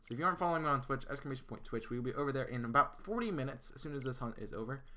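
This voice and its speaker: Bright-voiced male streamer chatting. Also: mid-range voice, animated, racing, slight background noise. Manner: chatty, answers chat, many fillers and restarts. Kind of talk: casual live-stream chat.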